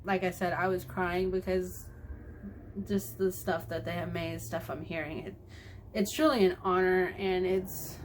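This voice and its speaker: A woman's voice: lowish voice, steady tone, measured pace, a little hiss or hum. Grateful young woman, rambling video diary. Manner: emotional, grateful, rambling with fillers. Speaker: vlogger.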